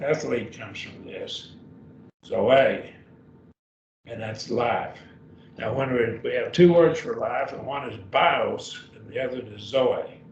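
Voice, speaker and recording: Slow, gravelly man teaching from afar. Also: mid-range voice. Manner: slow, repeats each word several times; self-correcting, apologetic asides. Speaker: Greek teacher. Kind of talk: classroom lesson. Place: church classroom. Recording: roomy, distant, dull lo-fi with faint noise.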